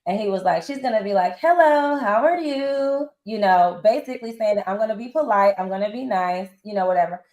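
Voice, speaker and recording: A fast-talking woman with a medium pitch barely pauses, and the low-quality recording is reverberant. She's in her forties, a reality show guest recounting her story in a blunt, casual, slang-filled way. Animated throughout this candid interview, she acts out what other people said.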